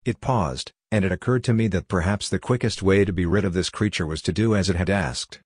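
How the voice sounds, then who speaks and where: Deep-voiced man telling a horror story. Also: a little fast, a little mellow, husky, no room sound, studio quality. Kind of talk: scripted horror narration.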